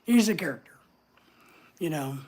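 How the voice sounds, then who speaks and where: A woman's voice: sits low, animated, normal speed, dark tone. A woman hosting a casual livestream, chatting away and answering viewer comments as they come in. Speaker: livestream host.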